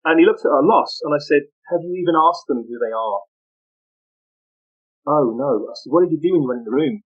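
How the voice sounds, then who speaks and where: A middle-aged man tells a story as a podcast guest, earnest and animated, and he often restarts his sentences. His voice sits a little higher than most men's. The audio is muffled and lo-fi. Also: brisk. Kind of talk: conversational storytelling.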